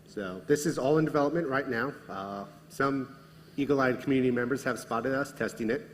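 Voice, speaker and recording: A man's voice: mid-range voice, normal speed. A man, a game developer, presenting new features on a convention panel in an upbeat way. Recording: echoey hall with faint background noise.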